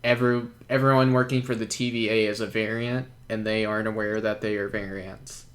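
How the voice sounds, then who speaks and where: A man's voice: lowish voice, flat delivery, a little fast, fairly bright tone. A man co-hosting a podcast, easygoing and chuckling a lot, egging on his co-host. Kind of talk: casual chat.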